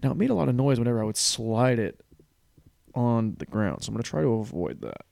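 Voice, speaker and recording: A man hosts a podcast in a fast, sing-song, mid-range voice that is gravelly with a darkish tone, and a little background noise sits behind him. Speaking into a studio mic on a stand, he tumbles through a crude, rambling comic monologue in cluttered speech, laughing at his own punchlines.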